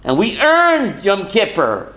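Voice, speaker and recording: A man's voice: high-pitched, wildly swooping pitch, slow pace, a bit bright. A rabbi teaching a class, asking questions to his students and answering them himself, with Hebrew and Yiddish terms worked into his talk. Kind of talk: Torah class.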